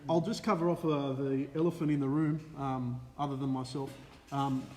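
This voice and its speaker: A man's voice: medium pitch, normal speed, in a large hall, over a noisy crowd. An Australian man co-hosting a casual live stream, greeting viewers by name with lots of "uh" fillers. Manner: lively, reels off viewer names with many "uh" fillers. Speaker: co-host of a live racing stream.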